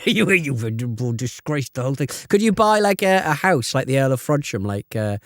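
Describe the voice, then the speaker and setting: A man's voice: medium pitch, very animated, normal speed. A man co-hosting a podcast, joking around, laughing often and riffing on absurd examples. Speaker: podcast co-host. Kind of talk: casual chat.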